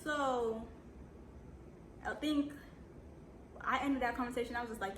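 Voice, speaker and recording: A young Jamaican woman talking through a storytime vlog in a blunt, sassy, slangy way, her voice sitting a little high. She sounds like she's in an echoey room with steady background noise. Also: a little slow. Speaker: vlogger.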